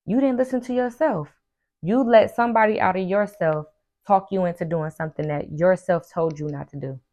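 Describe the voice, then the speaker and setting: A woman with a lowish voice talks straight to her listeners like a life coach on her own show. She preaches with emphasis and circles back to the same phrases again and again. Now and then she slips into quick impressions of her friends. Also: mellow. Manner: acts out friends' lines in quick asides. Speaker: podcast host and life coach. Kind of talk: casual motivational monologue.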